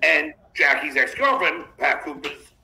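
A male podcast host with a high, piercingly bright voice. He reads viewer chats aloud and answers them in a mocking, combative tone. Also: lively intonation, measured pace, gravelly, poor audio. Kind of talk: livestream chat reading.

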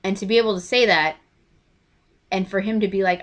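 A young woman in her twenties recounts an experience to her camera in a casual, heartfelt way. Her voice is bright and forward, and she slips into quoted lines with lively emotion. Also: medium pitch, normal speed. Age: 20s. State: choked up. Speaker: vlogger. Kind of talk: casual storytelling.

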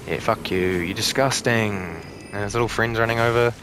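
A man's voice: on the low side, steady tone, moderate pace, few pauses, noisy background. A young man giving joking, profane commentary while playing a game, talking back to the enemies on screen. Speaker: gaming channel host. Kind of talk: let's play commentary.

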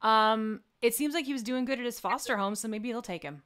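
A woman with a smooth, resonant voice, co-hosting a live stream. She reads out the chat and reassures her friend with sympathy. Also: fairly high pitch, a little fast, fairly bright tone. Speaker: co-host reading chat.

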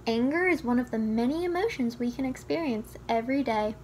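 Brief: a woman reading a children's book aloud, gentle and instructive, with a bright, high voice. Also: animated, brisk, slight background noise. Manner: gentle, teaching tone, speaks to the child listener. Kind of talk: storybook read-aloud.

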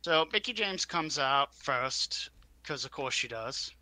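A man's voice: medium pitch, expressive, slow pace, pushed and bright, dry recording. A man co-hosting a casual comedy podcast, giving a loose, rambling wrestling recap. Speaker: podcast co-host.

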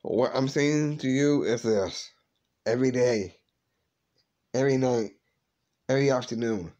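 A man hosting his own paranormal vlog, talking haltingly and emotionally, often repeating and restarting his words. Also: mid-range voice, dark tone. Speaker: vlog host.

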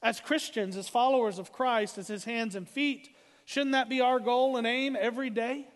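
A man preaching a sermon as pastor, emphatic and slowing down to read scripture. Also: very high-pitched, steady tone, big-room sound.

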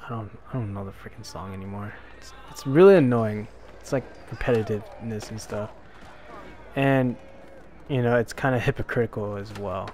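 A man's voice: lowish voice, darkish tone, slight background noise. A young man giving rambling, chatty commentary while playing a skateboarding video game, talking back at the characters on screen. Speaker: gaming YouTuber. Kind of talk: casual let's-play commentary. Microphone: desk microphone.

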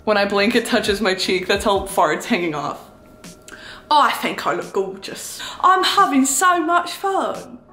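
In a parody makeup tutorial filmed indoors at home, a young woman from Texas puts on an Essex accent to play a vain, chatty Essex girl who keeps saying "babes." Her mid-range voice is bright and forceful, lively in tone and measured in pace, with room echo and music faintly behind.

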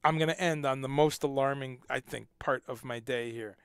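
A man's voice: medium pitch, normal speed, clear, resonant tone, no room sound, studio quality. A man hosting a casual livestream, rambling and repeating words as he talks, now and then swearing. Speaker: livestream host.

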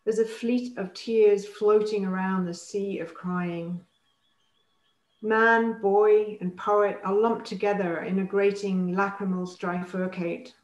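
A woman giving a poetry reading, reciting slowly and deliberately with weighty pauses. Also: mid-range voice, steady tone, darkish tone. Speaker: poet reading aloud. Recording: roomy echoey recording.

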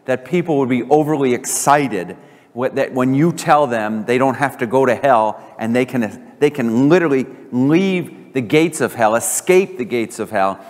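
A man delivers a sermon as pastor, his speech animated and emphatic, often lifting sharply in pitch to drive a point home. His voice sits on the higher side. The sound carries a long reverb from a church sanctuary.

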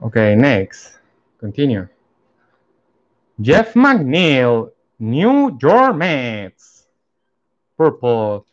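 Slow man reading out baseball cards. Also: medium pitch, huge pitch swings, muffled recording. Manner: slow, reads out each card name and team. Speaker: card collector opening packs. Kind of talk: casual card-opening commentary.

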